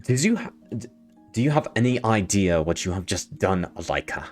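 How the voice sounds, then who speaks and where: A furious, arrogant official snaps in a clumsy Australian accent, put on by a man running the game. The voice sits deep and lurches up and down. A little music plays behind. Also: sing-song, moderate pace, a little mellow. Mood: angry. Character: angry arrogant male speaker Kethril.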